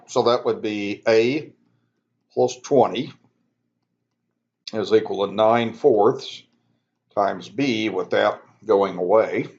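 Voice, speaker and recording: A man teaching a math lesson, talking students through each step in a relaxed, conversational way and correcting himself as he goes. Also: fairly low pitch, drawn-out words, long pauses, highs cut off. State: yawning, sleepy. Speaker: math instructor. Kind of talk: recorded math lecture.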